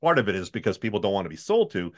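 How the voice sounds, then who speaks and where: A Canadian man with a baritone voice, a voice-over artist chatting in an interview and slipping into demo voices. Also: very fast. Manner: chatty, animated, demonstrates reads in put-on voices. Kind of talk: casual interview chat.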